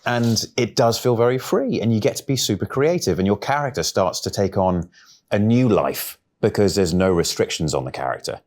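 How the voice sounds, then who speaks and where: A man, an actor, talking quickly and animatedly in a press interview about filming. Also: lowish voice. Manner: quick, animated storytelling with a laugh.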